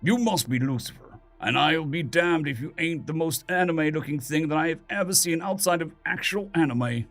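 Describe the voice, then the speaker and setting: A man voicing a defiant dead atheist who stays calm and coldly confident, asking one probing question after another. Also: fairly high pitch, moderate pace, hardly any pauses, voice pushed up.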